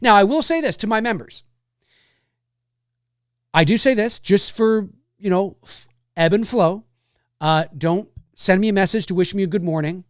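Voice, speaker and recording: A man's voice: high-pitched, moderate pace, long pauses, no room sound, studio quality. A man hosting a casual livestream, chatting in a meandering way and thinking aloud as he answers viewers. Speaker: livestream host answering chat.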